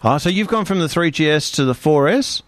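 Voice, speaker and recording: A man's voice: on the high side, expressive, brisk, no room sound. A man hosting a casual tech podcast, chiming in with short, wry interjections. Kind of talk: casual chat.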